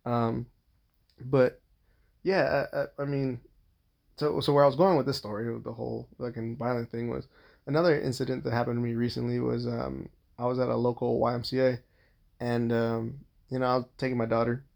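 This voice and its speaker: A man with a gravelly, rough-edged voice tells a long personal story in a loose, casual monologue. He rambles, swears constantly and restarts sentences as he goes, at a middling pitch. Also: flat delivery, fairly quick, darkish tone.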